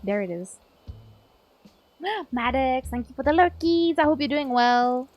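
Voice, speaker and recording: Female streamer, playful and chatty, unhurried delivery, light swearing. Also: high-pitched, lively intonation, highs cut off, soft background music. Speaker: live streamer. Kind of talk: casual live-stream chat while gaming.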